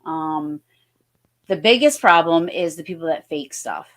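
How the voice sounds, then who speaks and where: Speaking a little slowly in a low, expressive voice with a fairly bright tone, this woman is a New Jersey paranormal investigator appearing on a podcast. Her casual storytelling wanders, full of fillers and restarts.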